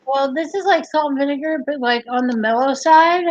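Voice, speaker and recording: A woman's voice: high-pitched, brisk. A woman hosting a casual livestream, chatty, giggly and rambling, on dry, slightly dull audio. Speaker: livestream host.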